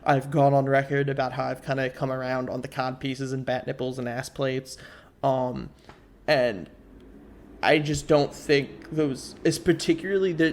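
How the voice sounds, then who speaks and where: A man's voice: mid-range voice, slight background noise. A man co-hosting a casual podcast, talking in an opinionated way with many fillers and restarts. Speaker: podcast co-host.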